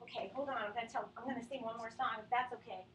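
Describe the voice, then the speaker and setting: A woman's voice: fairly high pitch, steady tone, racing, very noisy. A woman doing a rambling, self-deprecating stand-up comedy set in a small studio. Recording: roomy sound from a distant webcam mic.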